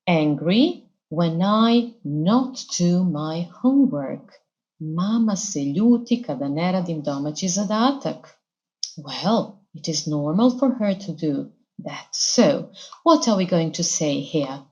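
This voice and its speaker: A Serbian woman teaches English in a televised classroom lesson. She talks very slowly and patiently, in a low-set voice, repeating each example carefully. Her accent marks a native Serbian speaker. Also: darkish tone, muffled recording.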